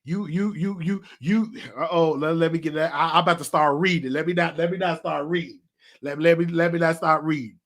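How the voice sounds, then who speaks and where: A man hosting a casual monologue, animated, stammering and repeating himself. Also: on the high side, brisk. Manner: animated, repetitive, stammering restarts. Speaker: show host.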